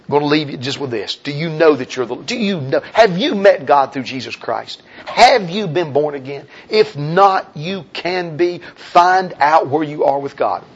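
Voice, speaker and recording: A male preacher telling a personal story in a sermon, swinging between hushed confiding tones and loud urgent appeals. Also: fairly high pitch, animated, moderate pace, few pauses, husky. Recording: dull lo-fi recording.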